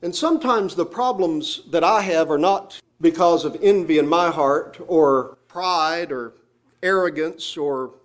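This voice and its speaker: A man preaching a sermon in church, emphatic, drawing out key phrases slowly. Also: fairly high pitch. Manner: emphatic, slows down on scripture phrases.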